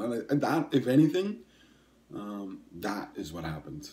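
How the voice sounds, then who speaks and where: A man's voice: fairly low pitch, very animated, normal speed, mellow. A man in his sixties hosting a podcast, chatting casually in a rambling, hesitant way with lots of ums and self-corrections. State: coughing and sniffling. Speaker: podcast host. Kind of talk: casual solo podcast chat.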